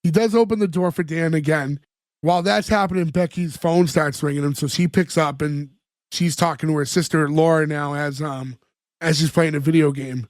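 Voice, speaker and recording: A man co-hosting a podcast, retelling sitcom scenes in casual chat, full of "like" fillers and quick laughs. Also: a little high, steady tone, a little mellow, no echo, clean studio sound. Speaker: podcast co-host.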